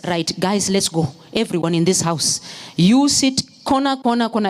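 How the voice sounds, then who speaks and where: Woman preacher, high, swooping delivery; a storyteller who builds to fervent shouts. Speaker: pastor's wife preaching. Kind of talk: sermon. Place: church.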